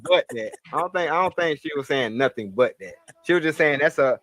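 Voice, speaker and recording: High-voiced man calmly mediating. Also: a little fast, no room sound. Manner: casual, mediating, restates the others' points.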